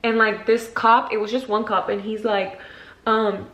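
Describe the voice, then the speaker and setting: A woman's voice: medium pitch, little pitch movement, a little slow. A young woman vlogger telling a story in a casual storytime video, full of "like" fillers and acted-out quotes. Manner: chatty, frequent "like" fillers; acts out quotes with sudden shifts in loudness. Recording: roomy echo.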